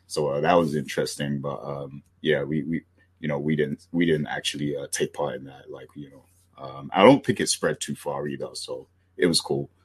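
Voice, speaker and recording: A man's voice: rumbling low, fairly even intonation, normal speed, husky. A British man hosting a podcast, chatting casually and rambling with many fillers and restarts. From Britain. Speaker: podcast host.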